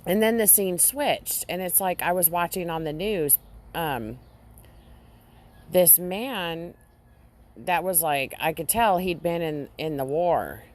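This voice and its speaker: A woman vlogger casually recounting a dream to her audience, halting often and restarting her sentences. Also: on the low side, expressive, darkish tone. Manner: halting, with frequent restarts and fillers. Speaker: Christian vlogger.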